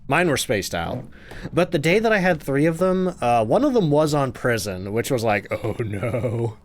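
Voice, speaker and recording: A man's voice: fairly high pitch, sing-song, normal speed. A man casually chatting on a live game stream, reading out chat questions and answering them while he plays.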